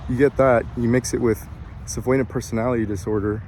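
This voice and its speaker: A breathy man speaks in a confessional personal vlog. His voice sits at an ordinary middle pitch and has a slightly complaining tone. He stumbles through fillers and restarts while faint outdoor noise hums underneath. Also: steady tone, fast talker, darkish tone. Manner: hesitant, many fillers and restarts. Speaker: vlogger.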